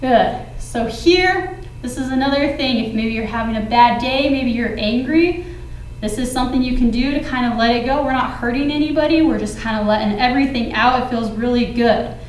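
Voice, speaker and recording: A high-pitched woman guides a children's yoga class with encouraging, playful instructions. She slips into a sing-song lilt to keep the kids engaged. The sound is roomy and echoey, with a faint hum of ambience. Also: brisk.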